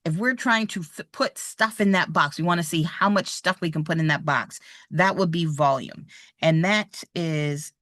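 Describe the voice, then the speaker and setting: A woman's voice: low voice, normal speed, fairly bright tone, no room sound, clean studio sound. A woman teaching real estate exam math in a live online lesson, patient and encouraging as she works problems out aloud. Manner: patient, encouraging, thinks aloud while drawing.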